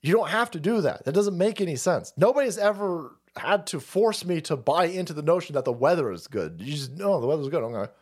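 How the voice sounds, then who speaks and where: A man's voice: on the high side, expressive, brisk, few pauses, slightly rough. A man hosting a live stream, ranting in a sarcastic, foul-mouthed way. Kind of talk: profane political rant stream.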